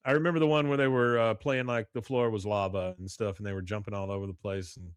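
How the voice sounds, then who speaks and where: A podcast host casually recaps a cartoon episode, rambling with lots of "uh" and acting out the quotes. His voice is on the low side and fast, smooth and fairly flat in pitch, captured with studio quality and no room sound.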